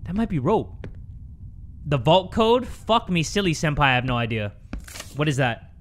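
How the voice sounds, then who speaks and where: His voice sits on the high side with lively intonation and normal speed. A young gaming YouTuber, he commentates a horror game from home for his viewers, jumpy, cursing frequently and shrieking at scares, over a little hiss or hum.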